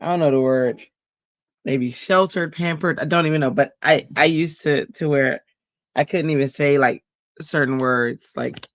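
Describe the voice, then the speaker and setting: A man's voice: a little high, moderate pace, a bit bright, no room sound, highs cut off. A middle-aged man hosting a crafting livestream, chatting casually, telling stories with animation and laughing often.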